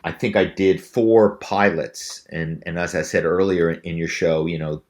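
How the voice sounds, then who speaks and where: A middle-aged man, a former actor, telling stories as a podcast guest in an animated, conversational way. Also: sits low, unhurried. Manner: animated storyteller, many fillers and restarts. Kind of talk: casual interview storytelling.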